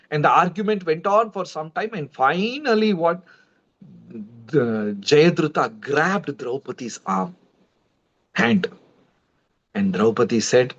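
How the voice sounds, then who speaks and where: A man, a preacher telling a devotional story in a conversational, animated way and speaking to his viewers. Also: fairly high pitch, slow, long pauses. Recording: dull lo-fi livestream audio.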